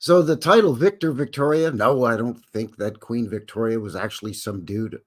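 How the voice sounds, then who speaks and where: A man's voice: medium pitch, normal speed. A Canadian man hosting a live stream in a folksy, jokey way, greeting chatters by name. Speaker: livestream host. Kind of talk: casual live-stream chat.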